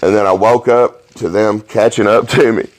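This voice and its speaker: A man hosting a podcast, telling rowdy stories in a profane, animated way and laughing along. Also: on the low side, moderate pace. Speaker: podcast host. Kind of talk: casual storytelling chat.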